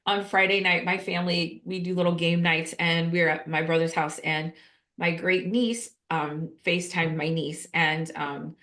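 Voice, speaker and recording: A woman's voice: on the low side, steady tone, measured pace, a bit bright. A middle-aged woman hosting a podcast, chatting casually and telling stories with many restarts and fillers. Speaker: podcast host. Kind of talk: casual interview chat.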